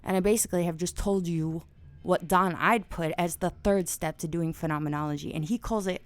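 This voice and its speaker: A woman hosting a podcast, talking through ideas casually from home at night, bursting into loud excited swearing at times. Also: fairly low pitch, brisk. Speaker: podcast host. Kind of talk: casual explainer monologue.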